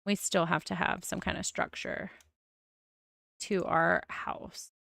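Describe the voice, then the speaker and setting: Young adult woman streamer, low gravelly voice, mild lisp, chatty and thinking aloud. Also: flat delivery, slow, a bit bright, dry recording, clean studio sound. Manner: chatty, musing aloud with frequent oohs. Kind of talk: casual game-building commentary.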